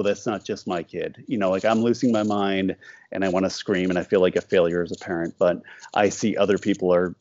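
A man's voice: low-pitched, darkish tone, no echo, dull audio. A man being interviewed about his cartoons. He talks casually and rambles, breaking off often and acting out little quoted exchanges. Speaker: cartoonist guest.

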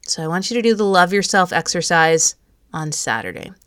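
Gentle coaching woman, low dry voice. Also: animated, brisk, smooth, no echo. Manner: gentle, coaching, speaks straight to the listener. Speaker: podcast host. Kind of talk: encouraging self-help talk.

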